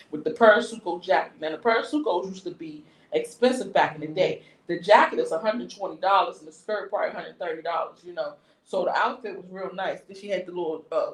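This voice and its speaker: A woman casually telling a story on a talk stream, lively and slangy. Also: fairly low pitch, echoey room, low-quality recording. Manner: lively, animated retelling with slangy asides.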